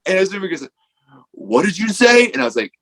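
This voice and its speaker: A wrestler appearing as a podcast guest tells a casual, rambling story full of "like," acting out the quotes. His voice is high-pitched and sing-song, brisk and fairly bright, though the audio quality is poor.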